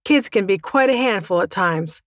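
A woman's voice: mid-range voice, animated, moderate pace, no room sound, clean studio sound, natural voice. A woman reader voicing a smug, teasing male goblin officer who talks down to a dragon. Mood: smooth. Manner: glib, teasing, calls everyone babe.

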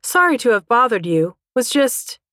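A woman puts on a huge, short-tempered mother dragon for an audiobook, pitched above her usual voice. She squawks, gripes and snaps at everyone, recorded close and dry. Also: big pitch swings, normal speed, pushed and bright, dry recording. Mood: griping. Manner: squawking, snappy, easily flustered.

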